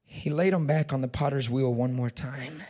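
A preacher telling a parable-like story in a sermon, with repetition and dramatic swings in loudness. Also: male voice, mid-range voice, normal speed.

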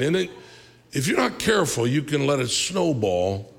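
A male pastor with a gravelly edge to his voice preaches in an easy, conversational way, now and then jumping up with energy. His voice carries a long echo from a large church hall. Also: on the high side, moderate pace. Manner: animated, conversational preaching with asides and laughs. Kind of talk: sermon. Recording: reverberant hall.

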